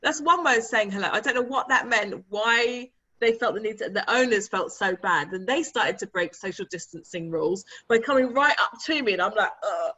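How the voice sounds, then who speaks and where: A woman tells stories in a relaxed, animated way, often breaking into laughter as she talks. Her voice sits in an ordinary middle range, and the recording sounds a little muffled, like a remote call. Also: mid-range voice, fairly quick, few pauses. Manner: animated, laughing, chatty anecdotes. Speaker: guest, author and publisher. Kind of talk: casual conversational storytelling.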